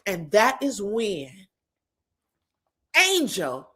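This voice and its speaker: A young adult woman recapping reality TV drama in an animated, profane, gossipy way, laughing at her own jokes. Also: mid-range voice, very slow, noisy background. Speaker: reality TV commentator.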